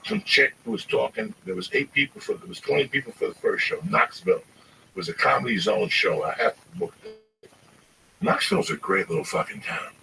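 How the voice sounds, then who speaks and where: A man in his fifties from New Jersey, telling profane stories in an animated, emphatic way. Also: medium pitch, a little fast, creaky, recorded from a distance, slight background noise, low-quality recording. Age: 50s. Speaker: comedian guest. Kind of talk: casual storytelling.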